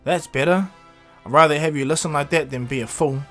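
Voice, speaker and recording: A man's voice: fairly high pitch, fairly quick, fairly bright tone, faint music behind, lightly acted. A man voicing a confident, easygoing male fighter hero who lectures others firmly, in a casual cartoon retelling. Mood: stern.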